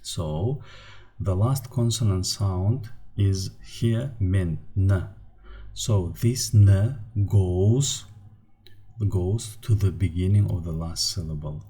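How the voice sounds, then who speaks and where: A man with a Turkmen accent teaches an online language lesson in English, his first language being Turkmen. His voice is very low and mellow, and he explains step by step at an unhurried pace, pausing often to find his words. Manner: slow, careful explaining with frequent hesitations.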